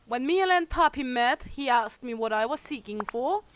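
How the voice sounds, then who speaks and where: A woman's voice: high-pitched, expressive, moderate pace, fairly bright tone, a little hiss or hum. A young adult woman, a native Danish speaker, chatting casually with viewers on a game livestream, playful and bawdy, swearing freely and laughing often. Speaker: game streamer.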